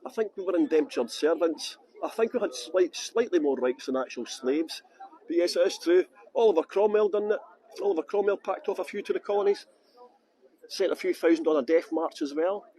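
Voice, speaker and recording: A man's voice: high-pitched, expressive, fairly quick, dark tone, rough recording. A middle-aged Scottish man guiding a live-streamed tour outdoors, chatting and joking as he greets viewers by name. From Scotland. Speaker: tour guide.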